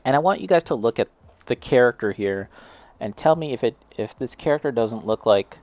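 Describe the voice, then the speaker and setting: A man's voice: medium pitch, animated, brisk, darkish tone, dry recording. A young man casually chatting as he tastes and reviews snacks, self-deprecating and reacting as he eats. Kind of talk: casual snack tasting chat.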